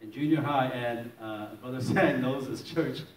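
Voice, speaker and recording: Speaking in a mid-range voice at a measured pace, this man is a pastor from Maryland, USA, sharing his testimony in a sermon. His telling is lively, full of acted-out scenes and frequent laughter. The mic sits far off in a roomy, echoing space with a little noise.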